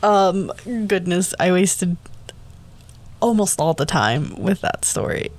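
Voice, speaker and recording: A young man hosts a casual solo podcast and tells a long, rambling story. He talks in an animated, easygoing way. He breaks off with little laughs and quick hushed asides. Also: high-pitched. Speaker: podcast host.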